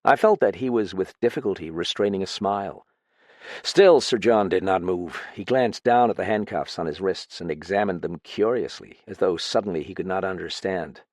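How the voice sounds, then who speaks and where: A man narrating a mystery audiobook in a measured storytelling manner. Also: sits low, animated, darkish tone, no echo, studio quality. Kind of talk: scripted narration.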